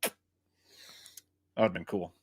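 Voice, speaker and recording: A man hosting a live chat about a movie, animated and profane, joking at his own expense. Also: measured pace, no echo, clean studio sound. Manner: animated, profane, self-mocking jokes. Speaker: livestream host.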